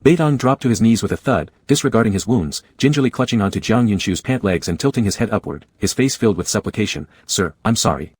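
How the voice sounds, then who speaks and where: Male narrator for a story read-through, low, husky, dry close sound. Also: animated, fast, few pauses, darkish tone, no room sound.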